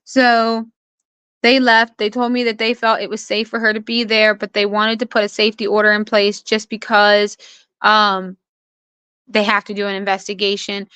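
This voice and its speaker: A woman's voice: mid-range voice, little pitch movement, moderate pace, bright, forceful tone, smooth, dry recording. A young adult woman, an interview guest, earnestly recounting personal events and quoting what others said. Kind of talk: personal account in conversation.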